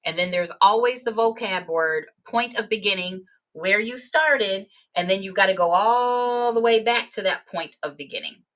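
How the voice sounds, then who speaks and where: A woman's voice: medium pitch, normal speed, hardly any pauses, a bit bright. A woman teaching real estate exam vocabulary in a live webinar, explaining terms with everyday examples.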